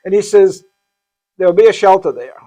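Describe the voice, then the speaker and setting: A man with a high-pitched voice tells a story as a pastor, stumbling and repeating himself as he acts out who said what. His talk is casual and conversational. Soft music plays faintly behind him. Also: animated. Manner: halting, repeats words, acts out quoted dialogue. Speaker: pastor, shelter founder.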